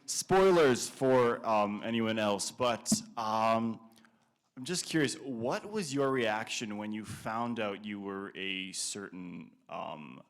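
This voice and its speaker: A man in the audience asking a question, hesitant and halting. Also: lowish voice, animated. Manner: hesitant, halting, filled with ums.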